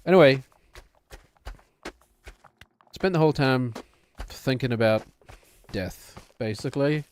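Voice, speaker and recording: A man's voice: mid-range voice, normal speed, slight background noise. A man streaming a game, chatting in a rambling, self-deprecating way. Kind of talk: casual chat while gaming.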